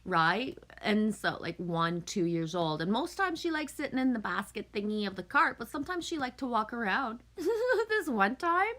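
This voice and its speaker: A woman's voice: mid-range voice, animated, moderate pace, fairly bright tone. A middle-aged woman from Canada chatting casually with viewers, telling stories, swearing freely and laughing often. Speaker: livestream host.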